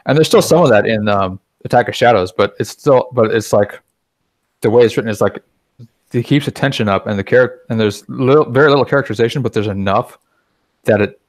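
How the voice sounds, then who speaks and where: A man's voice: mid-range voice, brisk, no room sound. A man chatting casually on a podcast, rambling a little and acting out the things he quotes. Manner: chatty, acts out quoted remarks.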